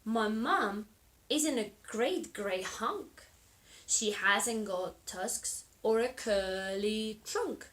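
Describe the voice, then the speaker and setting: A woman's voice: mid-range voice, drawn-out words, fairly bright tone. A woman voicing a little lost young male monkey in a read-aloud storybook, insisting with sing-song rhymes. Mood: insistent.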